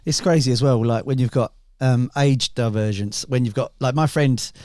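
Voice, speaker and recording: A man in his forties hosts a podcast, talking in a relaxed way and leaning on fillers as he feels his way through a thought. His voice sits at an ordinary middle pitch. The recording is close and dry. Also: moderate pace, no room sound. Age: 40s. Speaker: podcast host. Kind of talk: casual podcast chat.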